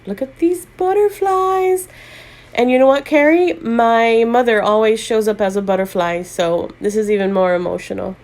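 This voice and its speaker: A woman's voice: mid-range voice, steady tone, normal speed, hardly any pauses, darkish tone. A middle-aged woman hosting a tarot channel, gushing and choked up as she unboxes gifts in a vlog. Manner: emotional, gushing, near tears.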